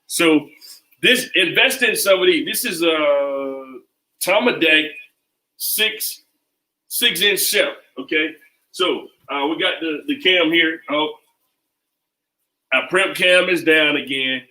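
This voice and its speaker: Male cooking host, slightly high, loose and repetitive, heard from a distance in a roomy kitchen. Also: takes it slowly, long pauses, sharp tone. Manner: loose, repetitive, chanting phrases. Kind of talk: casual cooking demo. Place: home kitchen. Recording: echoey kitchen, mic at a distance.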